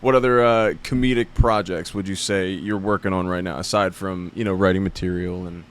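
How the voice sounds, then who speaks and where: A man's voice: low voice, fairly even intonation, a little fast. A man from South Jersey hosting a podcast, interviewing his guest in a blunt, profane, laughing way. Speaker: podcast host.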